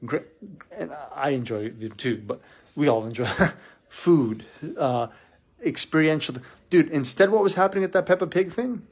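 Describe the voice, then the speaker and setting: A middle-aged man, a business coach, talking in a casual live vlog, energetic and preachy, repeating himself and calling the listener "dude". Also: fairly high pitch, normal speed, breathy edge.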